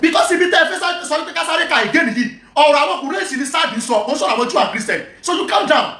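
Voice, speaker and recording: A speaker who moderates a heated online religious debate. They read scripture slowly and deliberately, then break in with firm, repeated calls for calm. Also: high-pitched, echoey room.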